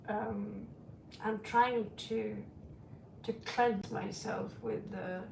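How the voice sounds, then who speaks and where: A woman's voice: mid-range voice, fairly even intonation, drawn-out words, vocal fry, a little mellow, distant mic, slight background noise. A middle-aged woman reading tarot and chatting casually on a stream, rambling and frank, calling her listeners sweetie. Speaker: tarot reader. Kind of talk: casual livestream chat. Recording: roomy echo, away from the mic.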